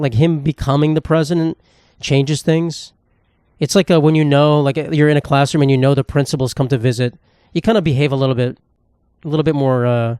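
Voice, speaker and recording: A man's voice: on the high side, a little mellow, clean tone, no echo, clean studio sound. A young man, hosting a solo comedy podcast in a profane, sarcastic, rambling rant. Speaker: podcast host.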